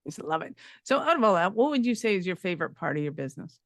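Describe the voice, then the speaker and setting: A woman hosting a business podcast interview, reacting with amused, quick comments. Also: fairly low pitch, very animated, fairly bright tone, dry recording, clean studio sound. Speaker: podcast host. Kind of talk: interview chat.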